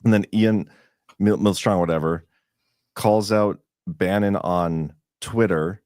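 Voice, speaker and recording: A man's voice: deep voice, slow, a little mellow, dry recording, clean studio sound. A man co-hosting a podcast in casual, rambling, profane chat. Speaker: podcast co-host.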